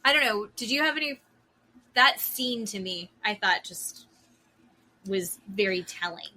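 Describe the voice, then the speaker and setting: A woman co-hosting a podcast, recapping a reality show in casual chat, getting heated and quickly acting out what the cast said. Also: mid-range voice, lively intonation, bright, forceful tone. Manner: heated, quotes cast members in quick bursts. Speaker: podcast co-host.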